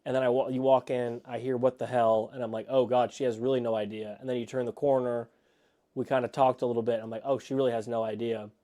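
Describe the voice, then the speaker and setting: A man co-hosting a podcast, telling an excited, rambling story in casual chat from a home studio. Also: medium pitch, fast. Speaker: podcast co-host.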